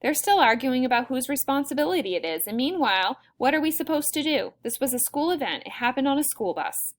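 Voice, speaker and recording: A woman's voice: high voice, expressive, brisk. A woman reading as an exasperated father. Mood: frustrated.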